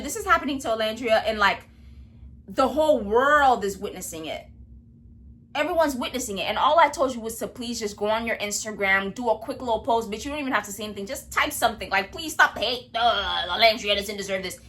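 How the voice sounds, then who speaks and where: A woman vlogger talking in a blunt, profane and animated rant, speaking indoors in a room at home. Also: on the high side. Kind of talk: casual commentary rant.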